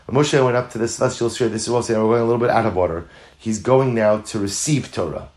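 An earnest man teaching a Talmud class, with a voice of middle pitch. He weaves Hebrew and Yiddish terms into his explanations. He drives his points home by repeating phrases, sometimes rising into lively, louder passages. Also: quick pace. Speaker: Torah teacher.

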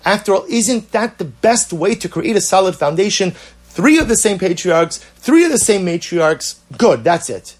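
A man's voice: high-pitched, expressive, normal speed. A man teaching a Torah lecture, emphatic and repetitive, asking rhetorical questions. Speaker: rabbi.

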